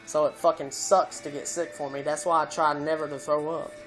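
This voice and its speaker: A man's voice: a little high, level tone, brisk, a bit bright, faint music behind, low-quality recording. Man rambling through a profane story. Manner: rambling and profane, full of "you know" fillers. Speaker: vlogger. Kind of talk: casual storytelling chat.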